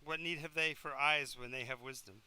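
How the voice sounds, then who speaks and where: In a clean recording without room sound, a man portrays a pompous undead lich who declares melodramatic evil boasts, then sheepishly walks them back. His medium-pitched voice stays steady, sharp and clean at a moderate pace.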